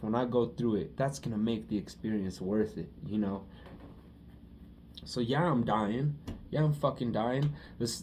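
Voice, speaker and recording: A man's voice: mid-range voice, warm tone. A young man talking through a casual personal monologue, emotional and profane, often repeating himself. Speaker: vlogger.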